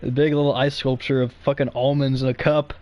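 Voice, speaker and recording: A man's voice: medium pitch, little pitch movement, a little fast, a little mellow, slight background noise. A young man streaming, telling stories in a rambling, profane way full of fillers. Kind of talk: casual live-stream chat. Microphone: streaming mic.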